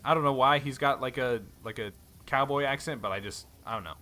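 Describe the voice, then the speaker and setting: Brief: laid-back male gameplay host, bright tone, casual commentary with fillers. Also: medium pitch, fairly quick, low-quality recording. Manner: easygoing, musing, with many fillers. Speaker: let's play host.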